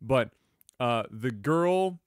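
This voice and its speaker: A man co-hosting a podcast, trading crude, profane banter that gets loud and animated when he's excited. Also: medium pitch, drawn-out words, no echo, clean studio sound. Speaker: podcast co-host.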